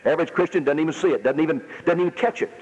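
Male preacher, high and emphatic, sermon style, muffled hall recording. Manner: emphatic preaching, rereads verses slowly for stress. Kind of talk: sermon reading scripture.

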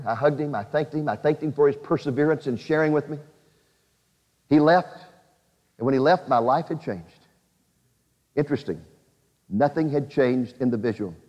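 A man's voice: mid-range voice, darkish tone. A man preaching a sermon and retelling a testimony with earnest emotional swells. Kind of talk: sermon storytelling. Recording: dull lo-fi audio in a reverberant hall.

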